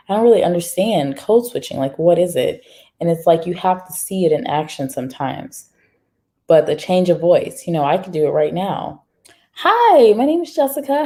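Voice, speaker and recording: A woman's voice: fairly low pitch, warm tone. A woman hosting a casual live stream, chatting straight to viewers and reading their comments aloud. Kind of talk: casual livestream chat.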